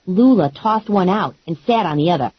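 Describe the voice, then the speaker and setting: A woman narrating an audiobook in first person with a wry, deadpan comic delivery. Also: on the low side, moderate pace, husky, no echo, lo-fi sound.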